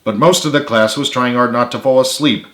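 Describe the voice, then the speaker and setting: A man, the author, narrating his own book in a steady read-aloud. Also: mid-range voice, brisk, reverberant.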